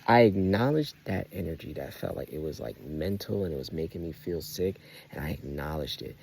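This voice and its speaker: Young man, deep voice, gravelly, rambling profane vlog monologue, emphatic, stumbles and restarts. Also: sing-song, brisk, darkish tone. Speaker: vlogger.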